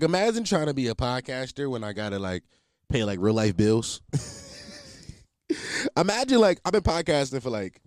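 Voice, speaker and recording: A man's voice: mid-range voice, darkish tone, no echo. Young man rambling on a podcast, dry sound. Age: 20s. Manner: rambling, profane, laughing at himself, slangy. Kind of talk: casual solo podcast monologue.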